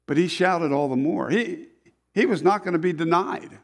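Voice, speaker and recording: A man's voice: fairly high pitch, lively intonation, unhurried, fairly bright tone. A man pastor reading a Bible passage aloud and acting out the characters' lines as he goes. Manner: dramatizes the story, putting on voices for the crowd. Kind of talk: animated scripture reading with acted voices.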